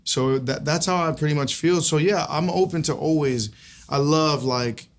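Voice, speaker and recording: A man's voice: fairly high pitch, moderate pace. A man guest on an interview show, talking loosely and chattily with lots of restarts. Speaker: guest singer. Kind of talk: casual interview chat.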